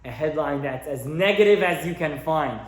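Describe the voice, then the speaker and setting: A man's voice: a little high, lively intonation, normal speed. A man teaching a class as a rabbi, lecturing and telling stories as he acts out the characters. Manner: warm storyteller who acts out his characters. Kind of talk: lecture with storytelling. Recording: roomy echo.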